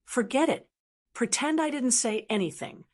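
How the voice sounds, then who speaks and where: A woman's voice: fairly high pitch, normal speed, darkish tone, lightly acted. A woman reading a sneering, spiteful male elder. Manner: sneering, scoffing.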